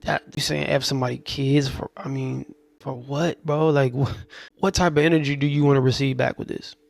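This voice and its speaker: A man hosting casual reaction commentary, talking in a laid-back, conversational way with relaxed slang. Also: medium pitch, fairly quick, gravelly, dry recording. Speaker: host.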